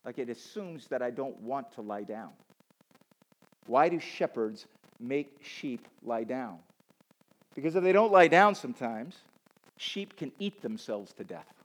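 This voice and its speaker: A man giving a conversational, animated sermon to a college audience, using casual asides and self-deprecating humor. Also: medium pitch, unhurried. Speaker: campus chapel speaker. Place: college auditorium with a live audience.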